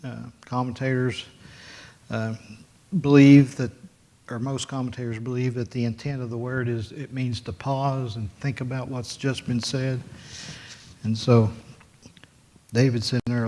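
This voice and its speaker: A man's voice: medium pitch, little pitch movement, unhurried, pauses often, dark tone. A man teaching a Sunday school Bible lesson in a church classroom, talking plainly with many fillers and restarts.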